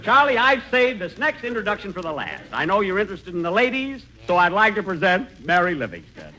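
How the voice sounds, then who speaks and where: A man's voice: high voice, very animated, brisk, bright, forceful tone, low-quality recording. A man hosting a 1940s radio comedy with a dry, self-important comic delivery. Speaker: comedy show host.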